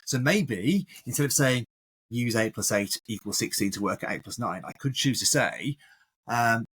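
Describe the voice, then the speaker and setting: A man with a slightly husky, breathy voice talks through teaching ideas with lively emphasis. His pitch sits mid-range for a man, and he sounds engaged and animated in a casual podcast discussion. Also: normal speed. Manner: animated, acts out classroom examples. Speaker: maths educator, podcast co-host.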